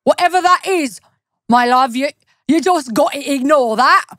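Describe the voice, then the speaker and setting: A woman's voice: high voice, moderate pace, a bit bright, no echo, clean studio sound. A woman putting on an exaggerated, brash Cockney accent to play a crude, mocking geezer. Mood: jokey. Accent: exaggerated put-on Cockney. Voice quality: brash, exaggerated, over-the-top.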